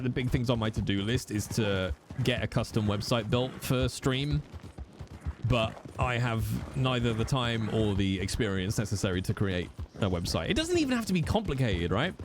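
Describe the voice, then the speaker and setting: A man's voice: mid-range voice, background noise. A man streaming a role-play game, chatting casually with his viewers in a playful, rambling way and humming little tunes between remarks. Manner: playful, rambling, hums little tunes, jokes about accents. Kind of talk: casual gaming chat with viewers.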